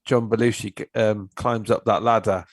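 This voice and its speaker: A man talks as a podcast guest, in a somewhat low voice that sounds dry and close. He rambles happily through old film memories and reenacts scenes. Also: normal speed, dry recording. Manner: rambling, animated storytelling. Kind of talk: casual chat.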